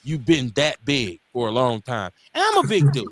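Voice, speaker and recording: Man, forties, milwaukee accent, radio host, blunt storyteller, animated swooping pitch, dry studio sound. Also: normal speed, no room sound. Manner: animated storyteller, acts out quotes; blunt, profane. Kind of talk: casual talk radio banter.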